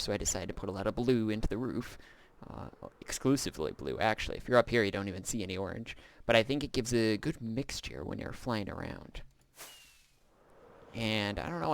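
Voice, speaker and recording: A man with a lowish, smooth and clear voice talks through his gameplay in a loose, rambling way. He fills pauses with "uh" as he walks through what he made. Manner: relaxed and rambling, with frequent "uh" fillers. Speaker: gameplay video host. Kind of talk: casual gameplay commentary.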